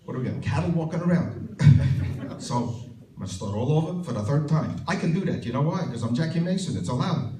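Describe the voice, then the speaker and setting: A man's voice: on the high side, expressive, fairly quick. A man telling one-liner jokes on stage as an impression of a famous comedian, with punchy asides to the audience. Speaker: stand-up comedian. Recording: roomy sound from a distant mic with faint noise.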